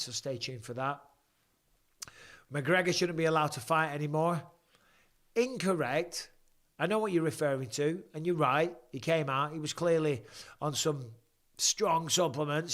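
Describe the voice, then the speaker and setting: Middle-aged bloke chatting on a live stream, answers the chat, drops swears, voice sits a bit high. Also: male voice, fairly bright tone. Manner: chatty, swearing, reads out viewer questions. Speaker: host. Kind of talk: casual live-stream chat and fight commentary.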